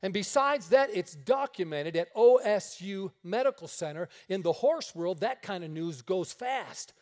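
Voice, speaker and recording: A high-voiced male preacher tells his stories from the pulpit. He acts out every exchange, shifting his voice for each person in the tale. The sermon is delivered for a radio broadcast. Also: a little slow. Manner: animated storyteller acting out dialogue. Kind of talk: sermon storytelling.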